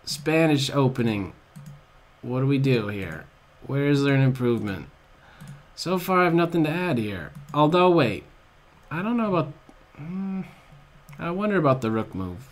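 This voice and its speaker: A man giving live commentary on his own blitz chess game, excitable and groaning at his own blunders, at a desk microphone. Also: mid-range voice, normal speed, long pauses.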